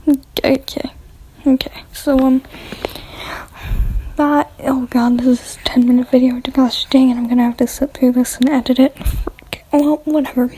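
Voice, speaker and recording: A woman's voice: high-pitched, level tone, normal speed, pauses often, dark tone, slight background noise, low-quality recording. A young woman casually reading fan fiction aloud, giggling and breaking off to comment and apologize.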